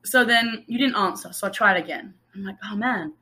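A woman telling a story in casual chat, animated and laughing often. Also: mid-range voice, a little fast. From England.

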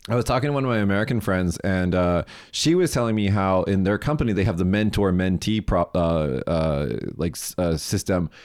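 A man co-hosting a casual chat, animated, acting out people in quoted voices and laughing often. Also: low-pitched, a little fast, hardly any pauses. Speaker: podcast co-host. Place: lives in Japan.

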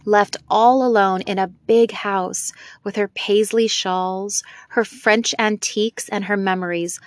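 A woman's voice: medium pitch, no room sound. A woman narrating an amateur audiobook, with informal asides to listeners. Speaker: audiobook reader.

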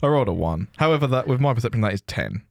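A man's voice: mid-range voice, racing, creaky, no echo. A man playing a tabletop game, joking and chatting casually. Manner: joking, giggly, animated. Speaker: player.

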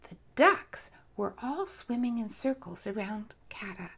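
A woman narrating a children's story, softly and often in a whisper. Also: on the high side, creaky, breathy edge. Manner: soft, often whispered, slow and animated.

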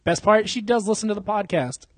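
On a podcast microphone, a young male co-host with a high-pitched voice speaks a little fast. He tells a story casually and loosely, cursing and laughing often.

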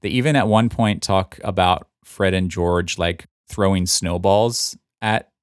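Podcast host guy, really deep voice, laid-back explaining, laughs a lot. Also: fairly even intonation, measured pace, clean tone, no room sound, studio quality. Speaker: podcast host, book fan. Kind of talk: casual podcast chat.

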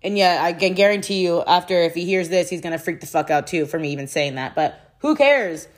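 A woman's voice: fairly low pitch, fairly quick. A young woman venting frankly about a bad relationship, swearing often and rambling with restarts. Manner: frustrated and exasperated. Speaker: vlogger. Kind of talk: candid personal vent.

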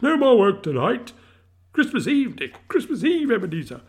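A man voicing a jovial, fat old male merchant who shouts with hearty merriment. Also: huge pitch swings, moderate pace, heavily acted. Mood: jovial, booming. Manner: booming, merry, hearty shouts.

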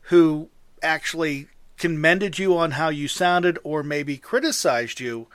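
A male host leads a radio interview, asking questions and responding briefly and attentively. His voice sits a little high for a man, recorded dry and close. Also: slow pace, fairly bright tone, clear, resonant tone, no room sound.

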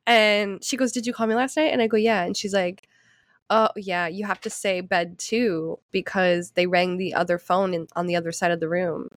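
A woman in her thirties co-hosting a podcast, telling a story in casual chat, animated, swearing freely, often laughing. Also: lowish voice, moderate pace, no echo, studio quality. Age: 30s. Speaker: podcast co-host.

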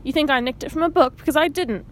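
A woman's voice: high-pitched, fast talker, voice pushed up, close to an everyday voice. Woman doing a guarded young boy. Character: boy hero, guarded and anxious.

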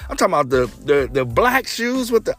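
A man hosting a podcast, telling a personal story in a casual, animated way and acting out the dialogue. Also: fairly quick, faint music behind. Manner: animated, acts out quoted dialogue with big pitch jumps. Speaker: podcast host.

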